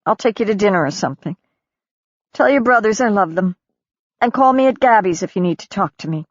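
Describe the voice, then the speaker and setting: A woman narrator voicing a weary middle-aged mother, gentle and firm, on a dull lo-fi recording. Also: mid-range voice, lively intonation, fairly quick, dry recording, pitched above the performer's own voice, close to an everyday voice.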